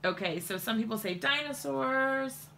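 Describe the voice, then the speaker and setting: A chatty woman in her thirties hosts a crafting demo from her home desk, talking straight to her viewers. Her voice is bright and forward, with a gravelly fry at the ends of phrases, and she laughs often between steps. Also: sits high, expressive, moderate pace, slight background noise. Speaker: crafting livestream host. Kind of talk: casual crafting demo chat.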